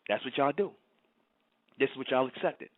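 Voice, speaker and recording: A man's voice: medium pitch, animated, normal speed, no echo. Scolding man on tinny phone-like audio. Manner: scolding, rhetorical questions, repeats himself. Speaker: channel host. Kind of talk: scolding livestream monologue answering chat.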